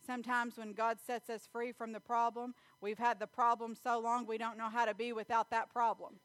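A woman's voice: on the high side, level tone, moderate pace, a bit bright, no room sound. A woman preaching a folksy sermon, telling family stories and reading scripture. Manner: folksy storytelling with Bible reading, laughs often.

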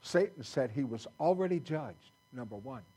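A man's voice: mid-range voice, expressive, normal speed, darkish tone, breathy edge, poor audio. A man pastor preaching a sermon in a folksy, conversational way, quoting scripture to his congregation. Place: church sanctuary.

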